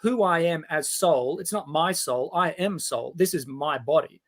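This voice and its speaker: A man's voice: fairly high pitch, a little slow. An Australian man in his forties, a guest telling personal stories in a casual interview, acting out the voices of people he quotes. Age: 40s. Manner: animated storyteller who acts out quoted voices.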